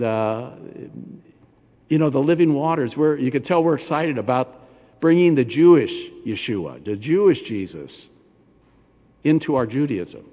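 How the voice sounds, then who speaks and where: An older man, a rabbi preaching a sermon in a synagogue, animated and talking straight to the congregation with questions. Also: mid-range voice. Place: synagogue sanctuary. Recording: long hall reverb.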